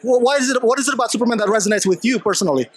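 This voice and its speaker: A man hosting red carpet interviews at a premiere, asking his questions in a brisk, eager way. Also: very high voice, a crowd in the background. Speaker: entertainment interviewer, host.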